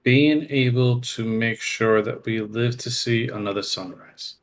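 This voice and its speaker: A player in casual chat, drawn-out and dramatic in delivery. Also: mid-range voice.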